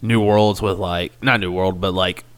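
A man in his thirties co-hosting a podcast in casual chat, animated and given to bursts of loud mocking impressions. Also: low voice, normal speed, smooth. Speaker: podcast co-host.

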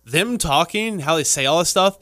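A man's voice: fairly high pitch, animated, moderate pace, fairly bright tone, no room sound, clean studio sound. A man with a Texan twang co-hosting a casual wrestling chat, rambling and full of fillers. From Texas. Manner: rambling, filler-heavy, chatty. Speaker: podcast co-host.

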